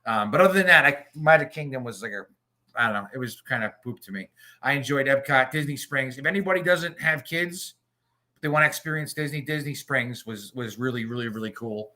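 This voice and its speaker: A man's voice: medium pitch, fairly quick, bright, forceful tone. A man co-hosting a podcast in casual chat, telling crude, joking stories. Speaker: podcast co-host.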